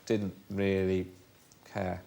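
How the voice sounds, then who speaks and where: A man's voice: low-pitched, completely flat delivery, slow, gravelly, mellow. A British man on a comedy panel, cracking grumbling, exasperated jokes.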